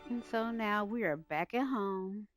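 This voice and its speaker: A woman's voice: mid-range voice, measured pace, over music. Chatty woman narrating a game. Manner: chatty, laughs often, voices characters. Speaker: gameplay narrator. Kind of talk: casual let's-play narration.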